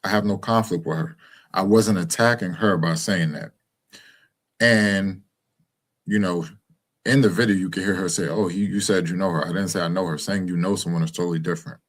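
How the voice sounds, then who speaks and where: A man's voice: deep voice, fairly even intonation, brisk. A young man talking to his followers in a casual, rambling monologue, full of fillers and restarts. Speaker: commentator speaking to his followers.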